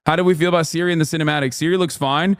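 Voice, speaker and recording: A man in his thirties ranting on a casual livestream, profane and mocking, now and then breaking into loud put-on shouts. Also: a little high, fairly even intonation, very fast, smooth, no room sound, clean studio sound. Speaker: streamer.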